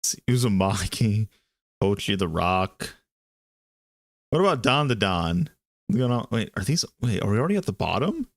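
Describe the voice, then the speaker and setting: A man's voice: lowish voice, very animated, moderate pace, no room sound. A man co-hosting a podcast in casual chat who laughs often, swears and reads reviews aloud. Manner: laughs often, profane, drifts into dropped tones. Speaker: podcast co-host.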